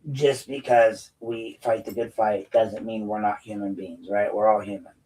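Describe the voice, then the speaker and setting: Low-voiced man ranting combatively. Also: steady tone, moderate pace, mellow, recorded from a distance, rough recording. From United States. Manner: combative, blunt and profane, with frequent restarts. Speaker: host and political commentator. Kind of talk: unscripted rant to viewers.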